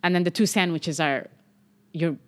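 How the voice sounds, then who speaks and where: A young adult woman with a fairly low voice talks through a podcast interview as a medical doctor guest. She is animated and conversational, slipping into the voices of the people she quotes. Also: normal speed. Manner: animated, acts out quoted speech.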